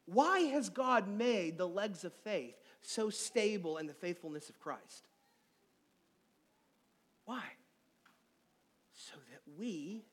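A male pastor with a fairly high voice delivers a sermon. He hammers key words with loud emphasis, then drops to hushed, intimate asides. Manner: emphatic, swinging from loud stresses to near-quiet asides.

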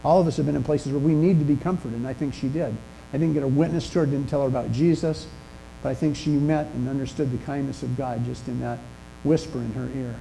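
An older man preaching a sermon in a church, telling stories in a conversational way with pauses and restarts. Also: mid-range voice, steady tone, vocal fry, mellow, a little hiss or hum, poor audio. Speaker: pastor. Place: church sanctuary.

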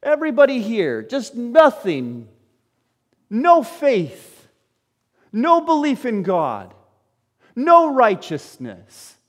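A man preaching a sermon to his congregation, firing off rhetorical questions and swinging between loud exclamations and quiet, low asides. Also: wildly swooping pitch, takes it slowly, long pauses, big-room sound. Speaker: pastor.

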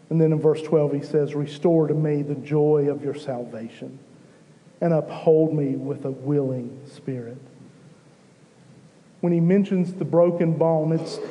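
A man preaching a sermon to his church, slow and emphatic, rising in intensity at key moments. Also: fairly high pitch, dark tone, big-room sound, rough recording. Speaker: pastor.

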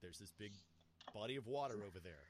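A man co-hosting a podcast in casual chat, telling stories in an animated way. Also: fairly low pitch, fairly quick, slight background noise. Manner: chatty, animated storyteller. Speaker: podcast co-host.

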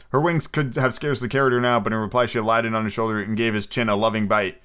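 A man's voice: on the low side, fairly even intonation, fast talker, few pauses, fairly bright tone, clear, resonant tone. A man hosting a podcast, reading a novel aloud with casual asides and self-corrections. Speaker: podcast host.

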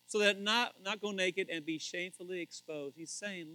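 A middle-aged male pastor preaching a sermon in a joking, animated way, acting out quotes with sudden loud shouts. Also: high voice, moderate pace, few pauses, dry recording, poor audio.

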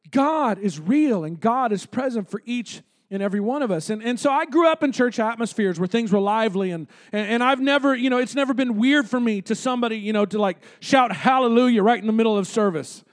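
Male pastor, very high voice, casual joking sermon in a church. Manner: conversational, joking preacher with asides. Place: church sanctuary.

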